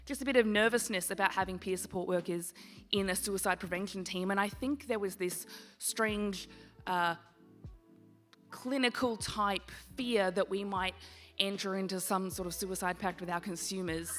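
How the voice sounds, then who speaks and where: A woman's voice: mid-range voice, fairly even intonation, moderate pace, fairly bright tone, soft background music. A woman who works in peer support, speaking candidly and wryly to an audience. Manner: candid, wry.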